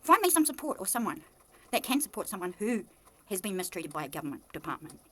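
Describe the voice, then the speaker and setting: A woman with a New Zealand accent speaking in an impassioned, accusatory monologue to camera. She swings from low muttering to loud, heated outbursts. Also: big pitch swings, quick pace, a little hiss or hum. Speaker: vlogger.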